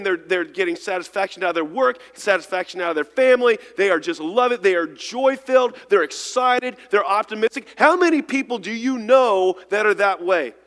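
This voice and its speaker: A man's voice: sits high, long reverb tail. A man, preaching an earnest sermon in a church, often repeating and restarting words. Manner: earnest, repeats words, shifts between loud and hushed. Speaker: pastor. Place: church sanctuary.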